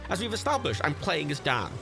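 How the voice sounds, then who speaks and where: A man giving sweary, excitable running commentary while livestreaming a game. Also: on the high side, a little fast, creaky, music in the background. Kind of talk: gameplay commentary.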